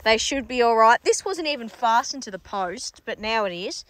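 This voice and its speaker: A woman's voice: a little high, lively intonation, normal speed, fairly bright tone, dry recording, low-quality recording. A young Australian woman farmer talking casually outdoors on her farm, chatty and wry, now and then exasperated as she calls out to the sheep. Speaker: farmer vlogger. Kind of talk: casual vlog narration.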